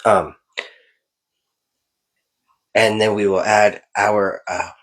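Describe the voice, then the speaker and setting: A man's voice: on the low side, little pitch movement, drawn-out words, poor audio. A man in his thirties co-hosting a podcast, talking in a rambling, candid, self-reflective way. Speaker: podcast co-host. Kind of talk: casual podcast chat.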